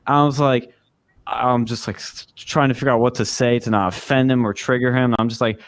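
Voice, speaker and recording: A man's voice: mid-range voice, steady tone, fairly quick, clean tone, no echo. A young man hosting a podcast, telling a casual, rambling story with swearing and acted-out quotes. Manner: rambling, profane, acts out quoted speech. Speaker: podcast host.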